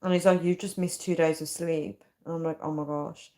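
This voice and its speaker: The woman, in her thirties and hosting a casual live stream, is tired but talkative as she reads comments, often bursting into laughter. She speaks in a low, mellow voice with fairly even intonation at a moderate pace.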